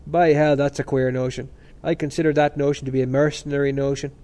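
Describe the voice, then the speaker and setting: A man reading the lines of an excitable young male student with an indistinct, bleating voice and loud, eager exclamations. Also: medium pitch, quick pace, close to an everyday voice. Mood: excited.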